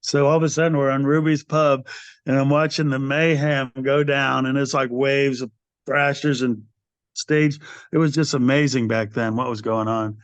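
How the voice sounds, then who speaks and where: An older man in his sixties tells stories on a podcast, lively and loose, slipping into the voices of the people he quotes. His voice sits at an everyday pitch. The recording is dry and a little dull, with no room sound. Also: normal speed, smooth, dry recording. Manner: animated storyteller who acts out quoted people, calls the host brother. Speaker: interview guest, metal singer. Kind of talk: casual storytelling interview.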